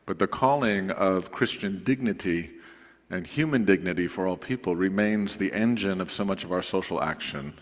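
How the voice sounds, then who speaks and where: A man preaching to his congregation in a relaxed, conversational way, with asides to the listeners. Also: deep voice, normal speed. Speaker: pastor. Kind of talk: sermon announcements. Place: church sanctuary. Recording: long reverb of a church sanctuary.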